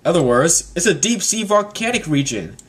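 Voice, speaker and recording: An alarmed young woman navigator, voiced by a man in falsetto. She speaks high and tense as she explains the danger. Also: very animated, fairly quick, fairly bright tone.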